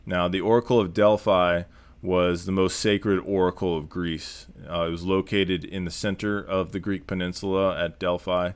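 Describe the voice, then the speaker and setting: A man reading a classic history aloud and explaining it in a measured lesson. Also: low-pitched, fairly even intonation, smooth. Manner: measured, explanatory, with occasional restarts. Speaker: history lecturer.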